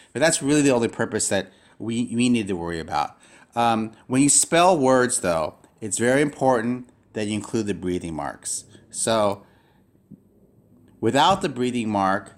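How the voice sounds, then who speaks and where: Halting man teaching a language lesson. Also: lowish voice. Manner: halting, with many fillers and restarts. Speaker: Greek teacher. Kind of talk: recorded lecture.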